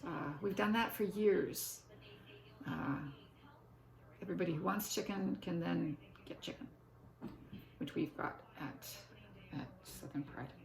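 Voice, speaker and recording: An older woman vlogger chats in a casual, meandering way, breaking off into forgetful asides to herself. Her voice is lowish, creaky, and darkish in tone, and the recording was made in an echoey room.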